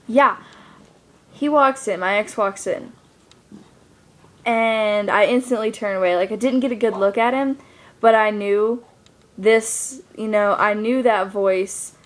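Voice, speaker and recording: A woman's voice: fairly high pitch, fairly even intonation, slow pace, pauses often. A young woman vlogging to her camera, telling a personal story in a rambling casual way, full of fillers. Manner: rambling, lots of fillers like "like" and "you know".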